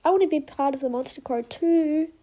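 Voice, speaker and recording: A woman's voice: fairly quick, natural voice. Woman doing an eager young pigeon hero. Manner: high and excited, eager.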